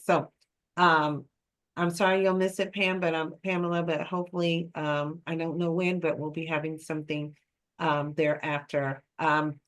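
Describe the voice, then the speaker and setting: A woman facilitating an online meeting, speaking with many ums and easy laughter. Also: low voice. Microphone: video call.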